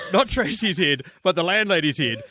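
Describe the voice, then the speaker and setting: A man's voice: high-pitched, lively intonation, normal speed, pushed and bright, dry recording, clean studio sound. A man hosting a casual movie podcast, laughing often and acting out film lines in silly voices. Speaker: podcast host.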